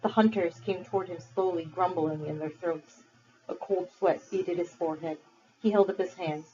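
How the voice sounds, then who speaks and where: A woman teacher reading a novel aloud to her class, measured and expressive. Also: on the low side. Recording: dull lo-fi recording.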